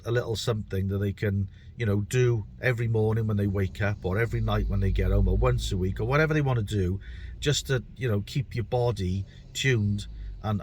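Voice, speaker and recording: A man's voice: on the low side, a little mellow. A middle-aged man with a British accent, a bricklayer talking through his own podcast in a chatty, rambling and self-deprecating way, often repeating words as he thinks. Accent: British English. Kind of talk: casual podcast monologue.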